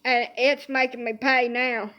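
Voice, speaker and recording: A woman's voice: fairly high pitch, flat delivery, a little slow, pushed and bright, clear, resonant tone. A woman, ranting profanely in a casual comedic monologue about her aching body. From Alabama. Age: 30s. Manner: profane, exaggerated complaining storytelling. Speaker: social media streamer.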